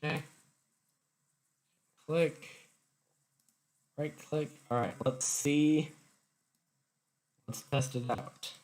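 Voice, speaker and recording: A man's voice: on the high side, steady tone, very slow, long pauses, a little mellow. A man streaming from home and chatting casually, joking at his own expense, his voice garbled and robotic-sounding from a faulty microphone. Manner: joking, sarcastic self-mockery. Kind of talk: casual livestream chat. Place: home room. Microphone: faulty desk microphone. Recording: noisy, glitchy home mic.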